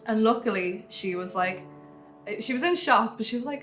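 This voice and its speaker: A woman's voice: medium pitch, a little fast, a bit bright, soft background music. A young woman with an Irish accent, telling her own story to camera in a candid, chatty way. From Ireland. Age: young adult. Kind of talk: personal testimony to camera.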